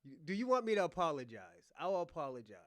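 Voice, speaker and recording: A man's voice: fairly high pitch, big pitch swings, quick pace, dry recording. A man from Boston hosting a casual live chat, teasing and laughing often. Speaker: livestream host.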